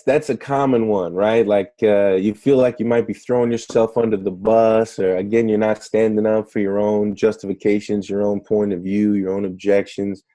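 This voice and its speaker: A young man with a mellow, warm tone, chatting through an interview. He tells stories loosely, with many restarts and fillers. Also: mid-range voice. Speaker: negotiation trainer, guest. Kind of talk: casual interview storytelling.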